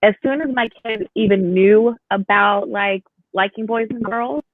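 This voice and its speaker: A woman's voice: medium pitch, measured pace, no room sound. Chatty woman on a tinny line. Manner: animated storyteller, acts out voices in quotes. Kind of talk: casual chat. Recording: tinny phone-like live stream audio.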